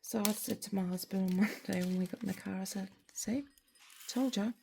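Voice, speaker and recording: An Australian woman chatting candidly at home while crafting, rambling and sometimes sinking to a soft near-whisper. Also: mid-range voice, level tone, fast, vocal fry, slight background noise. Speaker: crafting vlogger. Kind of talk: casual chat while crafting.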